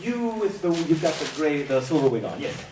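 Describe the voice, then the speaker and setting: A man's voice: fairly high pitch, very animated, brisk. A man guesting on a convention panel, answering fan questions playfully and laughing often. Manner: playful, laughs often, slips into silly voices. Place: large convention panel room. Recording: echoey hall, distant, loud crowd noise.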